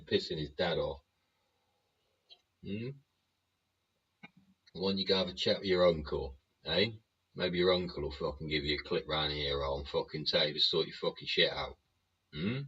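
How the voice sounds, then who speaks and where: Deep, husky man ranting. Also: a bit bright. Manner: swears constantly, rhetorical tag questions. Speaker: show host. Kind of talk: profane political rant monologue. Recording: dull lo-fi sound.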